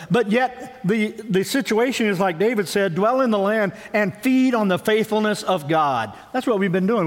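A male pastor preaching a sermon, animated in his storytelling, swinging from lively to hushed. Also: sits high, long reverb tail. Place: church with a congregation.

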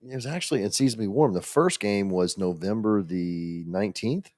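A man's voice: lowish voice, moderate pace, a little mellow, no room sound. A man in his forties chatting easily on a podcast, chatty and meandering. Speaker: podcast guest. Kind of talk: casual chat. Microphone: studio mic.

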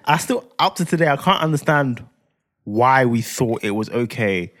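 A man's voice: medium pitch, animated, moderate pace, fairly bright tone. A man, co-hosting a casual podcast, joking and laughing as he talks in slang. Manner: jokey, laughing, street slang. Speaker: podcast co-host. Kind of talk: casual chat.

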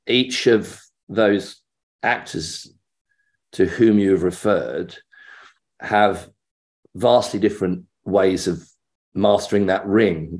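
A middle-aged man from England, an actor being interviewed, telling an anecdote and acting out the voices in it. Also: lowish voice. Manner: animated storyteller acting out quoted voices.

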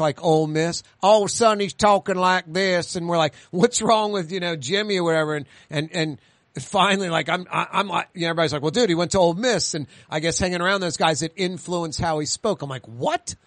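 A man hosts a radio talk show in a dry, close studio sound. His voice sits a little high, and he wanders through anecdotes in an easy, chatty way. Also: fairly quick, fairly bright tone, no echo. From New Orleans.

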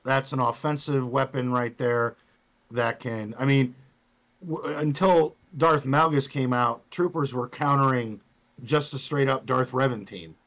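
A man's voice: medium pitch, a little slow, fairly bright tone, rough recording. A man with an ordinary mid-range voice who hosts a casual chat. He guides his guest through each step and swears freely as he goes. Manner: loose, profane, instructive. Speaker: podcast host coaching a guest.

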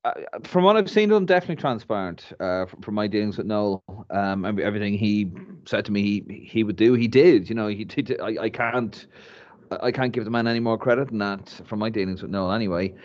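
A man talks football in a loose, rambling way, tripping over restarts and circling back to his point. His voice sits fairly low. The sound is a little dull and lo-fi. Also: fairly quick. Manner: rambling, animated, many restarts. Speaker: podcast co-host. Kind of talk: casual football chat.

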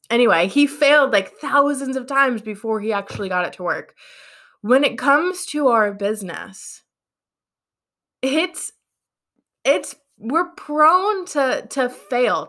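Chatty woman business coach. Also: mid-range voice. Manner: chatty, animated, self-deprecating, many fillers. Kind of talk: casual motivational talk to viewers.

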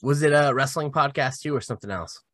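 A man's voice: mid-range voice, fast, a bit bright, dry recording, studio quality. A man hosting a casual podcast chat, friendly and a little hesitant. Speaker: podcast co-host.

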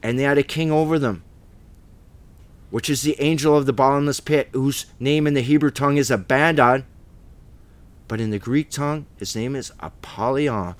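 A man's voice: mid-range voice, normal speed. A man teaching the Bible in an informal, emphatic way, rambling with restarts and asides.

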